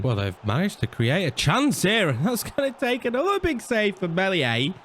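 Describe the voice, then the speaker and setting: An excitable young man, giving play-by-play as he plays a football video game. His fairly high voice leaps up and down, groaning at misses and shouting at saves and goals. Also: normal speed. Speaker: gaming YouTuber. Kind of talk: live commentary over a football video game.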